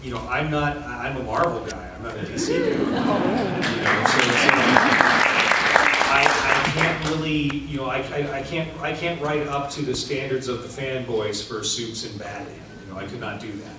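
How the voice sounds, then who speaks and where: A man's voice: medium pitch, normal speed, a loud crowd. A middle-aged man, an author, answering panel questions in a casual, rambling way with many filler restarts. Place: large convention hall. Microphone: recorded from the audience. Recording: echoey hall, far off, noisy.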